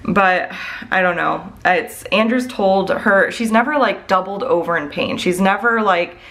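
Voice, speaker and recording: A woman's voice: mid-range voice, unhurried, fairly bright tone. A woman vlogger and mom chatting casually to her viewers. She rambles candidly and sounds worried, filling her talk with "like" and "I don't know.".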